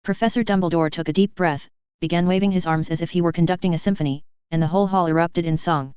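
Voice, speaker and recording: A narrator giving an even, unhurried first-person reading of a fan fiction story. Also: medium pitch, clean tone, no room sound, dull audio.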